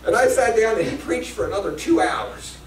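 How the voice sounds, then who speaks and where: A man preaching a sermon as pastor, swinging between loud passages and hushed ones. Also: high-pitched, big pitch swings, moderate pace, slight background noise. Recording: echoey room from a distance.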